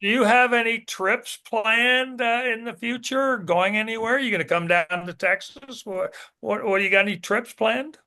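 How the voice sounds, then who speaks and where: A podcast co-host chatting with a guest, voice bright and pushing forward. The questions come out loose and a bit rambling. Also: mid-range voice, normal speed. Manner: friendly rambling questions, laughs often. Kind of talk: casual interview.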